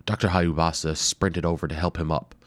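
A man narrating a storybook adventure in a steady, measured way. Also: low-pitched, dry recording. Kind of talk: storybook reading.

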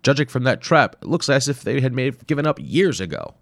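A man's voice: medium pitch, sing-song, fast talker, vocal fry, dry recording, clean studio sound, pitched above the performer's own voice. A man voicing an eager, confident male archaeologist with ninja training who teases his friend, in a storybook reading. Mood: teasing. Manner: upbeat, teasing and confident.

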